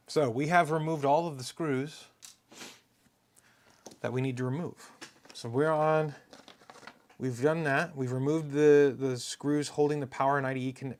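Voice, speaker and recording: A man casually chatting on a live stream while taking apart hardware, rambling and self-mocking and muttering as he works. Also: medium pitch. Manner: murmurs to himself while working.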